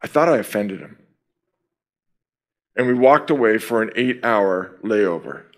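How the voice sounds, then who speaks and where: A middle-aged man giving a sermon at a camp, opening in prayer and then telling a personal story with lively quoted dialogue. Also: on the low side, measured pace. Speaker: camp speaker.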